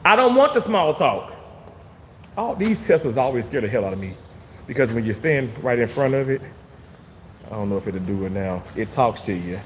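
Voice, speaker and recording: A man casually venting to his viewers, animated and swearing freely, repeating himself for emphasis. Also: lowish voice, fairly quick, big-room sound, slight background noise. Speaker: vlogger reading live chat.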